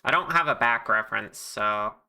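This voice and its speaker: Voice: medium pitch, moderate pace, gravelly, pushed and bright, clear, resonant tone. A livestreamer making plushies who chats casually with viewers and thinks aloud at a home streaming mic. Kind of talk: casual livestream chat while crafting.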